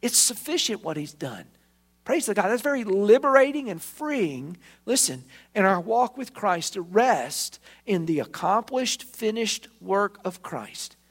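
A man's voice: high-pitched, sing-song, measured pace, few pauses. A man preaching a sermon as pastor, emphatic, acting out the quoted voices.

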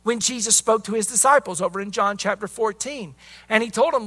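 A man's voice: sits high, fairly quick, pushed and bright. A man preaching a sermon with emphatic delivery, breaking in often with interjections of praise and calls to listen.

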